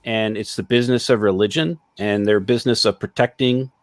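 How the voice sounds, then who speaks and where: A man's voice: on the low side, fairly even intonation, brisk, no room sound. A man in casual livestream discussion, explaining at length with many fillers and small laughs, over a video call.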